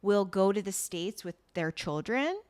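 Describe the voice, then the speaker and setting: A woman's voice: medium pitch, lively intonation, a little slow, a little mellow. A woman co-hosting a podcast, explaining at length in a chatty, casual way. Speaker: podcast co-host. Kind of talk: casual chat.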